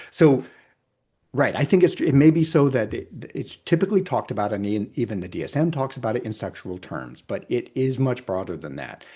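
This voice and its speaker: A man's voice: mid-range voice, very animated, normal speed, mellow, breathy edge. A middle-aged man, a clinical psychologist, explaining ideas in a thoughtful, hedging way over a video call, often checking in with "right?". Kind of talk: conversational explanation.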